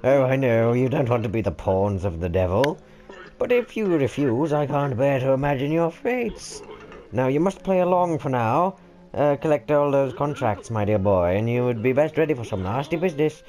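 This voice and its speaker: A British man voicing a wise old male kettle who gives slow, fatherly instructions in a cartoon game's story. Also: mid-range voice, lively intonation, a little mellow, lightly acted. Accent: British English.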